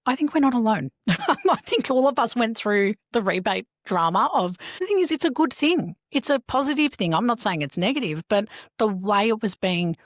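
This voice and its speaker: A woman hosting a podcast, telling stories in a lively way and acting out the people she quotes. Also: a little high, moderate pace, dry recording, clean studio sound. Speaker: podcast host. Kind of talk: casual podcast chat.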